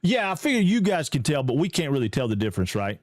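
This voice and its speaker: A man from Georgia with a Southern American accent, hosting a live game stream in casual, upbeat chat and greeting viewers excitedly. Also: fairly high pitch, quick pace, dry recording, clean studio sound. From Georgia, USA.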